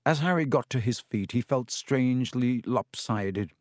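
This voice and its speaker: A man reading a story aloud at a steady, measured pace, putting on voices for the dialogue. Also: mid-range voice, no room sound, studio quality. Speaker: narrator. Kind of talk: audiobook reading.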